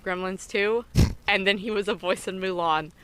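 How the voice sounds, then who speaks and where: A woman co-hosting a relaxed movie chat. Her tone is bright and sharp, and she jumps in with quick remarks and frequent giggles. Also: mid-range voice, smooth, dry recording, low-quality recording. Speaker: co-host. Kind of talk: casual chat.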